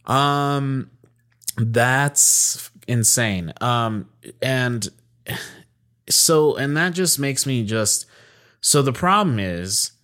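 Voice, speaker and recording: A man chatting casually, joking around in a relaxed way. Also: mid-range voice, extremely slow. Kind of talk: casual chat.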